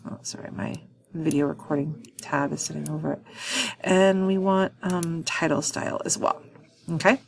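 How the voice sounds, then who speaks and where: A woman walking through a software task in a screen-recorded tutorial, thinking aloud with frequent ums and quick self-corrections. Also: sits low, fairly even intonation, creaky. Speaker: instructor.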